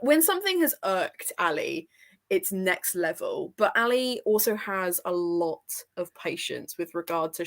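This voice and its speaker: A young woman co-hosting a relaxed book chat, talking about herself with cheerful self-mockery and the odd swear word. Her pitch sits in the middle of the female range and swings widely. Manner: animated, self-mocking, swears casually. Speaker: book channel co-host. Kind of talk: casual chat.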